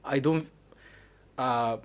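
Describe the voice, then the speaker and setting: A young man with a Malaysian English accent hosting a casual podcast chat, animated and quick to laugh. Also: mid-range voice, clear, resonant tone. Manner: animated, laughs often, talks in bursts. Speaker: podcast host.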